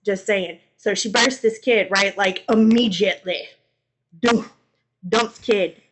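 A young woman co-hosting a podcast, retelling old stories in an animated, slangy, comedic way. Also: mid-range voice, slow. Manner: animated, slangy, acts out voices. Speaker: podcast co-host. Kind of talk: comedic storytelling.

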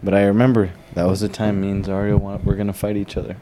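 A man's voice: on the low side, monotone, quick pace, noisy background. Laid-back young man reminiscing. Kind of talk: casual podcast chat among friends.

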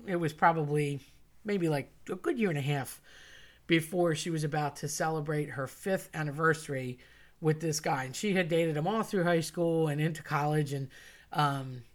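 A woman casually telling a funny personal story, chatty and animated, quoting friends and family in dialogue. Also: deep voice. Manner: chatty and animated, quotes others in dialogue, laughs at herself.

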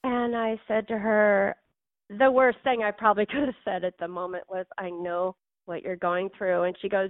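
A woman's voice: medium pitch, flat delivery, moderate pace, no room sound, narrow, tinny audio. A woman author, a guest on a podcast interview, telling her story in a heartfelt, emotional way.

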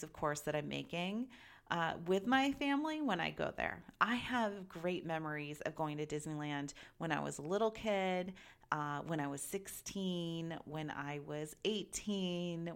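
A woman in her thirties giving casual, chatty advice as a parent, animated and laughing often as she talks. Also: sits low, smooth. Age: 30s. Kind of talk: casual chat.

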